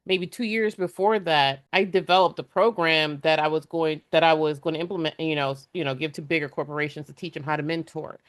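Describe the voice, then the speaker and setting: A woman's voice: low voice, steady tone, brisk, hardly any pauses, no room sound. A woman business coach chats casually, laughing often and slipping into quoted voices as she retells what was said. The sound is dry and close. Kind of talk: casual conversation.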